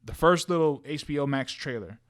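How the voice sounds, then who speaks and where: A man co-hosting a podcast in casual chat about movies and shows, animated and slangy, repeating words and restarting his sentences often. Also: a little high, a little fast. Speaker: podcast co-host.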